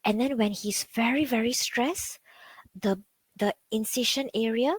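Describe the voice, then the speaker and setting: A woman's voice: fairly high pitch, measured pace, breathy edge, no room sound, low-quality recording. A woman with a Malaysian English accent giving a chatty talk as a psychology coach, often saying "like" and asking her listeners questions. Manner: chatty, peppers speech with "like", asks the audience questions. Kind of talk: conversational online talk.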